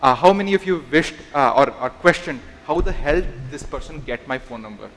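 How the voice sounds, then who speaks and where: A man who founded a startup, giving a conference talk with many pauses and "um"s. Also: medium pitch, lively intonation, a bit bright. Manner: halting start with many "um"s and "okay"s. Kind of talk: conference presentation. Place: large conference hall. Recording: long hall reverb.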